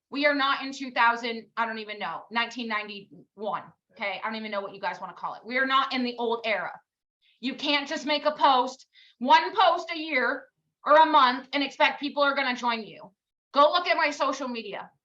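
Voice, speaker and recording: This woman's voice is high, bright and forceful, captured on lo-fi sound. Leading her team in a live motivational talk, she scolds bluntly, rattles off rhetorical questions, curses offhandedly and pokes fun at herself.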